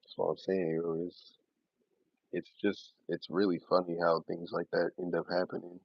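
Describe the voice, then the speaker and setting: A man's voice: low voice, little pitch movement, moderate pace, creaky, dry recording. A young man chatting casually with his live-stream viewers in a loose, slangy way, often laughing as he talks. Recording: dry, slightly dull lo-fi audio.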